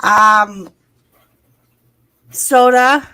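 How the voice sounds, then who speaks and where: A woman with a Lowell, Massachusetts accent hosts a casual livestream chat, talking freely and swearing often. Her medium-pitched voice is smooth with a sharp tone, and she draws out her words.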